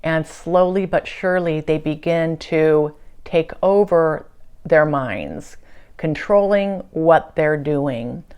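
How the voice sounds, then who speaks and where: A woman hosting her own show, giving an earnest, halting spiritual monologue with many fillers and restarts. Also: sits low, a little mellow, clean tone. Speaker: channeler and show host.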